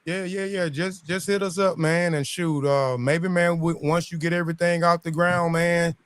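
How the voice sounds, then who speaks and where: A man hosting a casual chat, relaxed and affirming, padding his talk with "man". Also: a little high, moderate pace, smooth. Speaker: podcast host.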